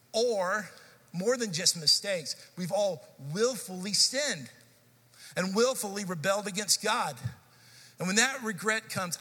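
A pastor in his forties preaches with a bright, forceful voice that sits a little high, telling stories in a lively, conversational way. His words ring out with the long reverb of a church sanctuary. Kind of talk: sermon.

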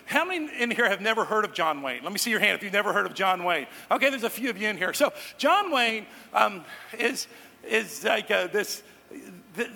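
High bright preacher guy, chatty sermon w jokes to the crowd, big church hall echo. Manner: conversational, joking asides to the congregation. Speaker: pastor. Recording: long hall reverb.

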